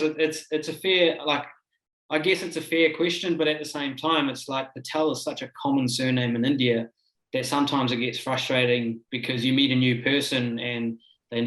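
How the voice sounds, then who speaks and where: A man's voice: mid-range voice, fairly bright tone, echoey room, poor audio. A man talking candidly as a panelist in a rambling way, with fillers and restarts. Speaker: panelist, cricketer.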